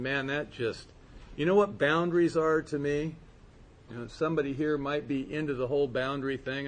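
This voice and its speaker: A man giving a personal recovery testimony to a group, earnest and storytelling, slowing and softening at quiet moments. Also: medium pitch, a little hiss or hum. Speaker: speaker sharing his recovery story.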